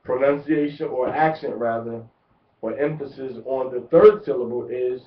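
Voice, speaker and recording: A man giving a deliberate religious lecture, repeating words to drive each point home. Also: mid-range voice. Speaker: religious teacher. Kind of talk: instructional lecture. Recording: echoey, distant, muffled lo-fi.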